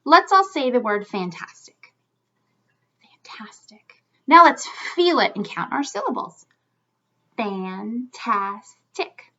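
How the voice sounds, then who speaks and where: A woman teaching young children a phonics lesson, sounding out words slowly and encouragingly. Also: high voice, sharp tone, muffled recording.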